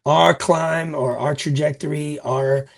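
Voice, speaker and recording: A man's voice: fairly high pitch, fairly even intonation, slow pace, vocal fry. A middle-aged man from New York, a band frontman guesting on an interview, talking casually in a loose, rambling way full of fillers.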